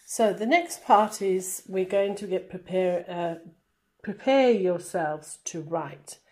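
A fairly low-pitched woman speaks as a class teacher in a recorded remote lesson. She explains patiently and step by step, pausing on plenty of fillers along the way. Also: darkish tone.

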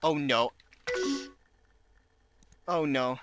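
A man's voice: mid-range voice, extremely slow. A male let's-play gamer commenting on his game, flustered and exclaiming often. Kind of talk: gameplay commentary. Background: game music.

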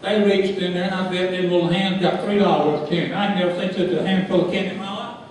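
A man telling a folksy story to a live crowd, animated and laughing as he goes. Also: high-pitched, quick pace, a little hiss or hum. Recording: echoey hall from far off.

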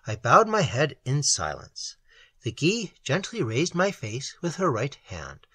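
A man narrating a classic novel as an audiobook, in a measured and expressive literary reading. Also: fairly high pitch, breathy edge, no room sound.

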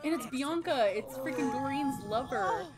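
Excitable young woman commentating a game. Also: sits high, moderate pace. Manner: excitable, swears, gasps and laughs often. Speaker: gaming channel host. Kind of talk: casual gameplay commentary.

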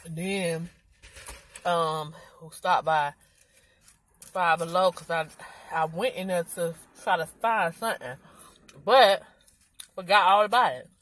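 A woman's voice: lowish voice, breathy edge, low-quality recording. A pregnant mother of five, tired and out of breath, chatting casually to her vlog viewers in loose slang.

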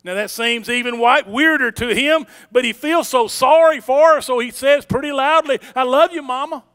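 A pastor delivers his sermon in a strikingly high, smooth and resonant voice. He takes his time, rising to emphatic declarations and dropping to a hushed tone for his stories. His tone is bright and ringing. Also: moderate pace. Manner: emphatic preaching, swinging from loud declarations to hushed storytelling. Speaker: senior pastor. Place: church sanctuary.

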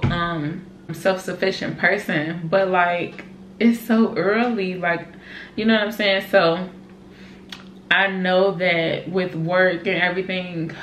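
Chatty young mom vlogger, echoey room. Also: female voice, on the low side, a bit bright. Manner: chatty, emotional, many fillers like "like" and "y'all". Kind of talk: casual chat to camera. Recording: echoey room with faint noise.

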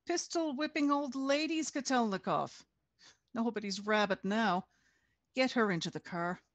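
A woman reading aloud voices a cruel male police sergeant who mocks others with slow, amused contempt. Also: a little high, expressive, no echo, voice pushed up. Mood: sneering. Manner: sneering, amused, drawn out.

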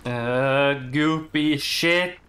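A man giving excitable, swearing let's-play commentary while he plays a game. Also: fairly high pitch, drawn-out words. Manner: excitable, swears, talks to himself. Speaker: gaming streamer.

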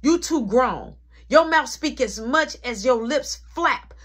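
A woman's voice: high-pitched, animated, fairly bright tone, husky, voice pushed up, heavily acted. A woman playing a furious scolding mother. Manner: scolding, clipped rapid threats. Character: strict angry middle-aged mother, short-tempered.

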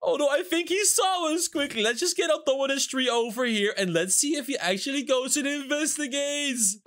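Man, gaming host, very high voice, bouncy intonation, scheming commentary. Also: animated, normal speed, fairly bright tone. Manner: giddy and scheming, narrates each move. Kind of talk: excited gameplay commentary.

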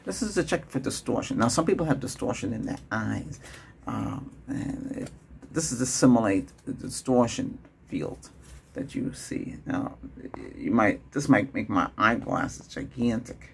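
Gravelly man in whispered role-play. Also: on the low side, animated, a little slow, a little hiss or hum. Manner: chatty, rambling, laughs often, shifts between whisper, soft and normal voice. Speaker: ASMR doctor role-play host.

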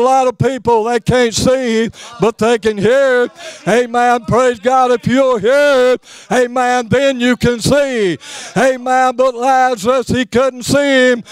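A man's voice: very high-pitched, smooth. A man preaching a fervent sermon, drawing out his phrases and punctuating them with "amen".

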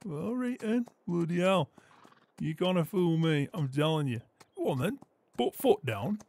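A man's voice: fairly high pitch, sing-song, measured pace, gravelly, a little mellow, dry recording, full character voice. An actor playing a blunt, teasing male farm worker who swears constantly. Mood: mocking. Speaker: farm roleplay character.

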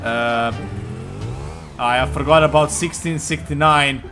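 A young man doing crude, joking commentary over a video game, getting excitable and often yelling. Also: fairly high pitch, slow, soft background music. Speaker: gaming commentator.

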